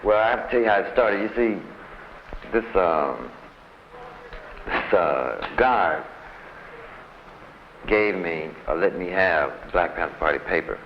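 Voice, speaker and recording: Man, very low voice, rambling street slang, muffled old tape, faint hiss. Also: lively intonation, slow pace, long pauses. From United States. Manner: loose and rambling, full of "man" and "you know". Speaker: interviewee recounting time in solitary. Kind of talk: casual storytelling in street slang. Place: prison visiting room.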